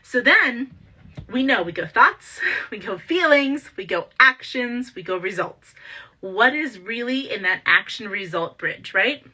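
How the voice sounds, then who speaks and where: A woman hosting a motivational talk, energetic and full of rhetorical questions. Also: on the high side, a little slow, husky. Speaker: podcast host and entrepreneur coach.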